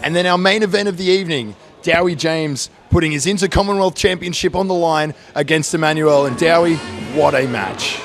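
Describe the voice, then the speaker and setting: A man hosting, recapping wrestling matches in a brisk announcer manner. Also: on the high side. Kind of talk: show recap narration. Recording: music underneath.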